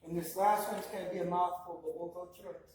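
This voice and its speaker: Man, high voice, patient syllable drills, echoey distant mic, faint hiss. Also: fairly even intonation, a little mellow. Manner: slow, drawn-out pronunciation drills by syllable. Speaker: language teacher. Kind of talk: online language class.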